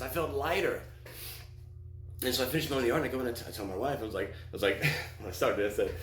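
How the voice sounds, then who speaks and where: A middle-aged man telling a personal story in an earnest, emotional way, often stopping and restarting his sentences. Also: medium pitch. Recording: echoey room with faint hum.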